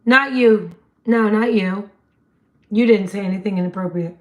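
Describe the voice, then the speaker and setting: A woman, hosting a casual livestream chat in a slightly hoarse voice and laughing often. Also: medium pitch, moderate pace. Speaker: livestream host.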